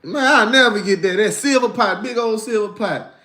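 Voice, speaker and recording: High-voiced man telling animated stories. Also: moderate pace, echoey room. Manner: animated storytelling, acts out voices, laughs often. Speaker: livestream host reading chat. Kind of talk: casual livestream chat.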